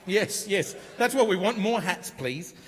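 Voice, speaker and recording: A man's voice: high-pitched, animated, unhurried, background noise. Jokey Australian man on a panel stage. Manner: jokey, laughing often, does broad Aussie slang bits. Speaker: convention panel host. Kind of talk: comedic live panel banter. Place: convention hall stage. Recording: live hall with long reverb.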